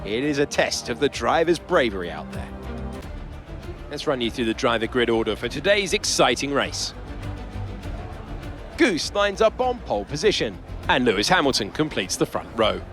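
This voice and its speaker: Brief: polished TV race announcer in a game, animated pitch, scripted, loud music bed behind. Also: male voice, normal speed, long pauses. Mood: upbeat. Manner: upbeat announcer delivery. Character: polished male TV race commentator. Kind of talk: scripted broadcast commentary.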